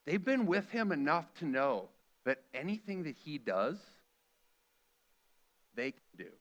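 A man's voice: fairly high pitch, very animated, unhurried. A middle-aged man preaching a sermon earnestly, acting out the quoted lines with feeling. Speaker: pastor.

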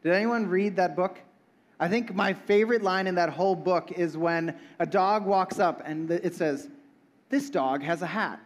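A man's voice: high voice, moderate pace. A young man preaching a casual sermon, joking and asking the audience questions. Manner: playful, talks with the audience. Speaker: pastor.

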